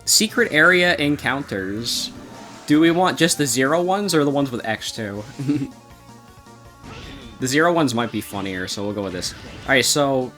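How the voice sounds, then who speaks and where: A man's voice: mid-range voice, expressive, moderate pace, bright, forceful tone. A man on a gaming stream, reading game dialogue aloud in a dry voice and laughing between lines, with faint music behind. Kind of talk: casual gaming stream chat.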